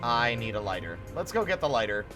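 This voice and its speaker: A man's voice: medium pitch, sing-song, brisk. A man streaming a driving game live, chatting casually with his viewers, joking and swearing freely. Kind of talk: casual live gameplay chat. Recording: game music behind the voice.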